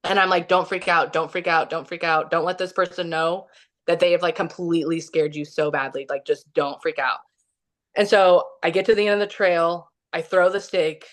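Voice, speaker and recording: Chatty woman telling a story, lowish voice. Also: moderate pace. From Kansas City, Missouri, USA. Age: young adult or middle-aged, has a son. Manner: chatty, heavy use of "like", acts out quotes. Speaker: podcast guest. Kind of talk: casual storytelling.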